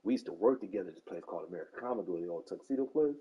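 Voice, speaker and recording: A man in his forties in casual chat, telling profane stories in a lively way and acting out the people in them. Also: low-pitched, rapid-fire, slightly rough, lo-fi sound. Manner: animated storyteller, profane, acts out quoted people.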